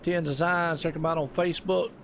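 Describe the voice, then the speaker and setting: A man's voice: fairly high pitch, flat delivery, fast talker, fairly bright tone, a little hiss or hum. Folksy Southern man calling a race. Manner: laid-back, folksy, drawls "man" and "y'all". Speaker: race commentator. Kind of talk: sim racing play-by-play commentary.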